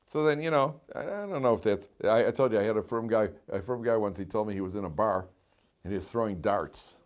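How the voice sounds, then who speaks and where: A man's voice: lowish voice, a little fast. A man giving an informal Torah class to yeshiva students, telling stories, asking rhetorical questions and translating Hebrew terms as he goes. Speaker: rabbi teaching yeshiva students.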